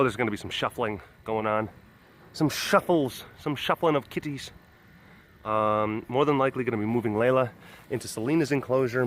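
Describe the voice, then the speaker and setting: A man's voice: mid-range voice, a little hiss or hum. A young man chatting upbeat and rambling as he walks around an outdoor big cat compound. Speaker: animal sanctuary vlogger. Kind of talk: casual walking vlog.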